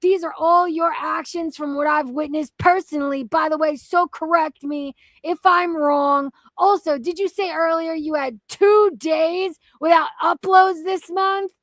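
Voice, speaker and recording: A woman's voice: very high voice, fairly even intonation, a little slow, few pauses, dry recording. A young woman hosting a reaction commentary video, ranting in a profane, exasperated and mocking way. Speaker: commentary channel host.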